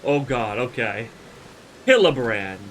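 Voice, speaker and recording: A man's voice: mid-range voice, very animated, takes it slowly, fairly bright tone, a little hiss or hum. A man streaming a game and reacting with constant giggling, laughing until he tears up while sick with the flu and coughing. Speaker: let's play streamer.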